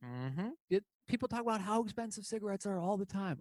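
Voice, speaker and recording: A man chatting casually and telling animated, profane stories, talking in quick bursts. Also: high-pitched, no room sound. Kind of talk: casual chat, storytelling.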